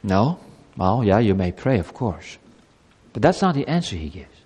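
A male pastor preaching an earnest sermon to children and a congregation. He swings between loud emphatic lines and soft, low asides. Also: sing-song, moderate pace, creaky, husky. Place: church. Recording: long hall reverb.

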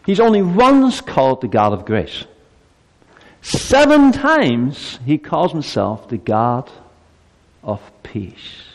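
A man in his fifties preaching a Christmas sermon to his congregation. His delivery swings between soft, quiet asides and loud, high climaxes. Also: wildly swooping pitch, slow pace, big-room sound. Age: 50s. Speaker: pastor.

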